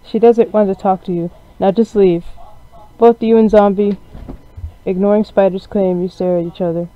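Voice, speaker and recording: A man's voice: sits high, fairly even intonation, moderate pace. A man reading a game story aloud with sarcastic, mocking asides, as a gaming channel host. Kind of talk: reading a visual novel aloud with commentary. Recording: dry, dull lo-fi recording.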